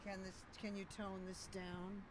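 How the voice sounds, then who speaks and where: A woman's voice: medium pitch, flat delivery, measured pace. A woman protesting out on a street, insistently asking the podcast crew to turn their sound down. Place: outdoors on a street.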